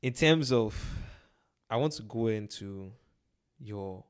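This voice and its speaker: A man's voice: on the low side, lively intonation, takes it slowly, clear, resonant tone. A man hosting a casual interview, talking emphatically and repeating his points. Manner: emphatic, says "bro" a lot, repeats himself. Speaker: host.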